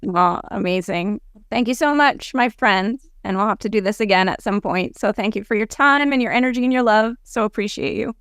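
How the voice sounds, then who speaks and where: A woman's voice: mid-range voice, a little fast, few pauses, fairly bright tone, smooth, no echo, studio quality. A woman hosting a podcast interview, effusive and grateful, on the edge of tears as she thanks her guest. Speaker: podcast host.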